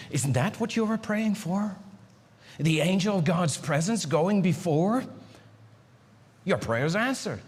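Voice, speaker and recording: A man preaching a sermon as pastor, pleading and repeating himself, swinging between high urgent lines and low hushed ones. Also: sing-song, a little slow, slightly rough. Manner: pleading, repeats words and restarts. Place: church sanctuary. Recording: long hall reverb in a church.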